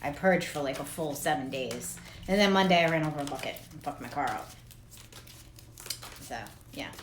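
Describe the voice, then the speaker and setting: A woman's voice: low voice, lively intonation, normal speed, roomy sound, a little hiss or hum. A woman doing a casual tarot reading vlog, talking in a rambling, profane and laughing way. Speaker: tarot reader.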